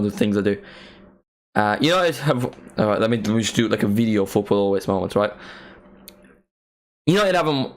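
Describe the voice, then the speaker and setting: An Irish man hosts a live football watchalong, talking casually to his viewers. His voice sits fairly low, and his chat wanders and pokes fun at himself. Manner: rambling, chatty and self-mocking. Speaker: football streamer hosting a watchalong.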